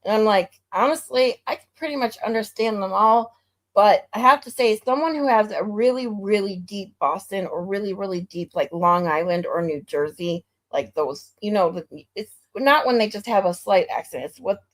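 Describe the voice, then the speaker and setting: A woman's voice: mid-range voice, moderate pace, few pauses. A woman from Michigan hosting a livestream, chatting casually and laughing easily. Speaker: livestream host. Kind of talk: casual chat.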